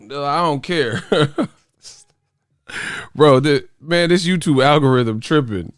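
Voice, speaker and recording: Man, live-stream boxing host, profane, joking, smooth clear voice. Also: fairly high pitch, slow pace, long pauses, no echo, studio quality. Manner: profane, laughing, animated rants. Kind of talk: casual live-stream chat.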